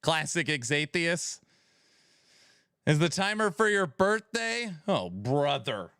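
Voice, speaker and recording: A man's voice: fairly high pitch, big pitch swings, slow pace, bright, forceful tone, clean tone, no echo, studio quality. A man streaming from home, bantering with his chat and reading out community questions in a casual, sometimes raised voice. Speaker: streamer hosting a gaming podcast. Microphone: headset mic.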